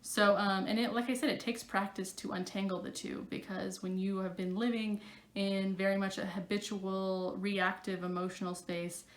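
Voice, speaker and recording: A woman's voice: mid-range voice, flat delivery, moderate pace. Chatty woman psychic vlogger, echoey room. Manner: chatty, many fillers and "like"s. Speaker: psychic coach. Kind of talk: casual talk to camera.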